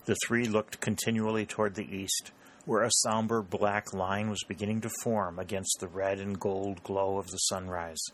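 A man's low voice carries a historical novel in steady, scripted audiobook fashion, his reading measured and even. A little hiss or hum sits under the recording.

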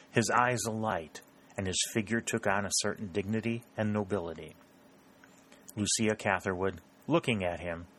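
A man narrating a novel in a measured, steady reading style. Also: deep voice. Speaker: audiobook narrator.

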